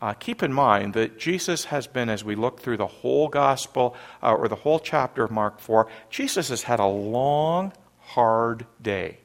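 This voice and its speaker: A middle-aged man from Canada preaching a sermon, an animated storyteller who acts out panicked scenes loudly. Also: mid-range voice, moderate pace. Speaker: pastor.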